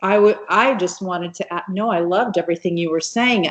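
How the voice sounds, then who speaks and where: An American woman speaking as a guest on a video call, warm and reassuring. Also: lowish voice, normal speed, dull audio. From United States.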